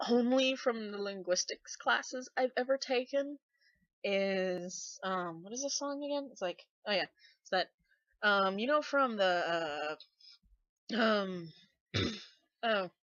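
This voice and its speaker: A woman's voice: mid-range voice, fairly bright tone, no room sound, lo-fi sound. A young woman from Texas talking in a casual, rambling monologue full of self-deprecating asides. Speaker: vlogger.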